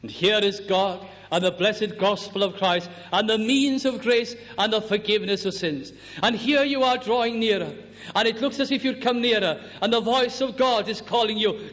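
Man preaching slow and deliberate, quotes hymns, fairly high voice, muffled old recording. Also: fairly bright tone. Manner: slow and deliberate, quoting scripture and hymns, dropping his voice low on key words. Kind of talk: sermon. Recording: dull lo-fi recording in a reverberant hall.

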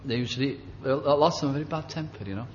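An older man preaching and reminiscing gently, halting often as he recalls details, in a dull lo-fi recording. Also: medium pitch, a little hiss or hum. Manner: gentle, halting, with many fillers and restarts. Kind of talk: reminiscing sermon.

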